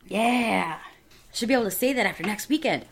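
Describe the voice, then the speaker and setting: A woman chatting casually on a podcast, easygoing and quick to laugh. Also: on the high side, lively intonation, gravelly. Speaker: podcast regular.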